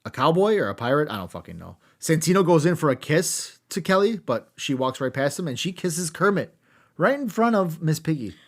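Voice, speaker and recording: A man's voice: fairly high pitch, very animated, brisk. A man co-hosting a podcast, recapping a wrestling show with sarcastic asides and lots of swearing. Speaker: podcast co-host.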